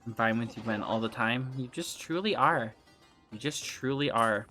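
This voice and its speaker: With a bass voice and a sharp tone, this woman talks at normal speed over soft background music. She casually comments on the game she's streaming, reading chat, laughing a lot and cursing without restraint.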